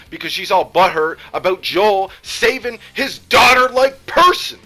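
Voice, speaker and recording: Guy raging about a game, cussing, bright tense voice, soft music under it. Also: expressive, normal speed, few pauses. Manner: heated, profane, swings between loud outbursts and low muttering. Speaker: gaming YouTuber. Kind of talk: angry game rant.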